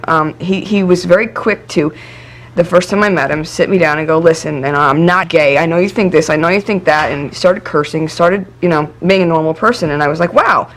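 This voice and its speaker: A woman giving an earnest, emphatic interview answer, recalling how she fell for someone she knew. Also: lowish voice. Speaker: interview guest. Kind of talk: candid interview recollection.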